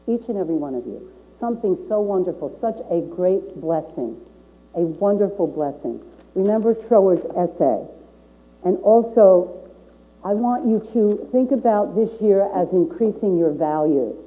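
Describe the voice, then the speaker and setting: A woman's voice: on the low side, expressive, measured pace, warm tone, poor audio. An older woman minister giving a sermon, earnest and repeating key phrases for emphasis.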